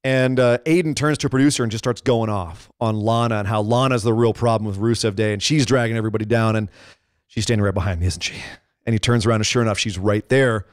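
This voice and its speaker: Excitable man recapping wrestling. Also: fairly low pitch, fast talker, clean tone, no room sound, studio quality. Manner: excitable, rambling with restarts. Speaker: podcast co-host. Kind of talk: casual wrestling chat.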